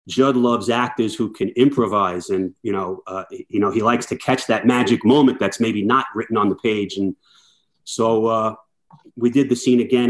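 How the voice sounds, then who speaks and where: A middle-aged man, a firefighter, telling lively anecdotes as a podcast guest and acting out the dialogue he quotes. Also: on the low side. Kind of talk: casual storytelling chat.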